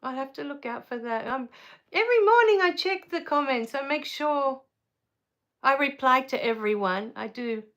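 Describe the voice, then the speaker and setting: Middle-aged female streamer, casual and tearful, slightly high-pitched, reads chat aloud. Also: normal speed. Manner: chatty and emotional, easily moved to tears; relaxed with frequent fillers. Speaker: live stream host. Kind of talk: casual live stream chat reading viewer comments.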